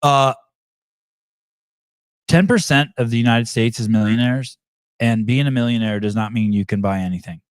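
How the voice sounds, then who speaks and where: A man's voice: mid-range voice, dry recording. A man hosting a podcast, talking casually and bluntly with lots of fillers and restarts. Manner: halting, many fillers and restarts, blunt with swearing. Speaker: podcast host. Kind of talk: casual commentary while playing clips.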